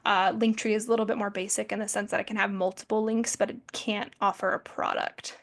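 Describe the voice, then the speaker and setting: A woman in her twenties giving a casual, friendly presentation with lots of fillers. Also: fairly high pitch. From American Midwest family. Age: 20s. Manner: chatty, friendly, peppered with fillers. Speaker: social media presenter.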